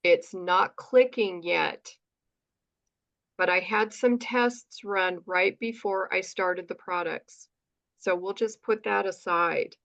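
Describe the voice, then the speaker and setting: Speaking slowly with a fairly low pitch and vocal fry, this interview guest from the United States comes through on a muffled recording. Her storytelling is animated, full of acted-out conversations and frequent "right?" asides.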